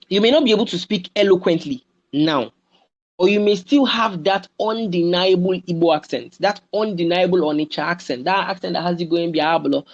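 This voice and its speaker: Nigerian motivational speaker, young adult, repeats points and checks in with the audience, muffled lo-fi call audio. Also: mid-range voice. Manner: repeats phrases, keeps checking in with listeners. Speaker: webinar speaker. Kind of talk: motivational webinar talk.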